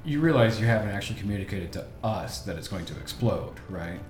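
A man's voice: on the low side, animated, fast talker. A man playing a tabletop game, checking the rules in a hesitant way. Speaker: player. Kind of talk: casual tabletop play. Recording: echoey room with faint music.

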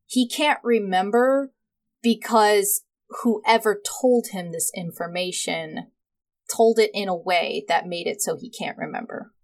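A woman narrating as game master of a tabletop game, relaxed and chatty. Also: mid-range voice, a little slow, gravelly.

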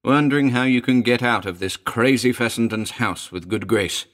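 A man's voice: medium pitch, normal speed, fairly bright tone, natural voice. A man voicing a proud, mocking male scientist in an audiobook, speaking with scorn and laughter in his voice. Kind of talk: audiobook character voice.

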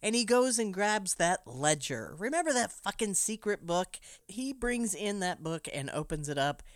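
A woman casually recapping a film, animated and profane, often laughing as she tells it. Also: medium pitch, normal speed, no echo, clean studio sound.

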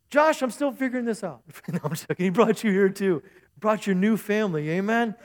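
A man's voice: high voice, moderate pace. A man preaching a sermon to his congregation in a church service, chatty and joking, often asking the crowd for an "amen". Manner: chatty, jokey preaching with call-and-response asides. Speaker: pastor.

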